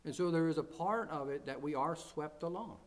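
A man's voice: a little high, fairly quick. A man preaching as pastor to his congregation, earnest, often repeating phrases and building to emphatic declarations. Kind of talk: sermon.

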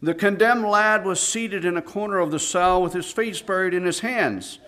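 A preacher tells a sermon story in a somewhat high male voice. He drops to a hush, then rises loud for the dramatic moments. His delivery is theatrical and earnest. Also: moderate pace. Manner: dramatic, swings between hushed and loud.

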